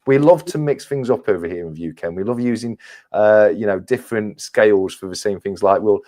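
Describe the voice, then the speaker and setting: A man's voice: fairly low pitch, fairly quick, dark tone. A man from England with an English accent that has some northern influence, chatting casually as a guest on a livestream panel, laughing often and restarting his sentences. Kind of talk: casual chat.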